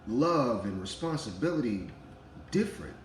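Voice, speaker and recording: Man, 30s; lively preachy spiritual talk, echoey room, faint music underneath. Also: mid-range voice, normal speed, a little hiss or hum. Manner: animated, preachy, laughs while talking, acts out voices. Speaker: spiritual vlogger, father. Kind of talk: casual spiritual monologue.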